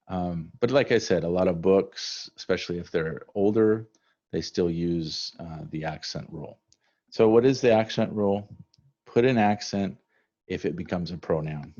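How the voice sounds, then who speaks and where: A man teaching a language lesson from slides, relaxed and conversational with many fillers. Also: low voice. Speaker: Spanish teacher. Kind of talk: recorded slide lecture. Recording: dull lo-fi recording.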